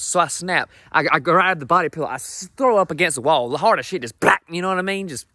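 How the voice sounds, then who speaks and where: A man's voice: on the high side, quick pace, hardly any pauses, pushed and bright, dry recording. A young adult man doing brash, profane, self-deprecating stand-up comedy.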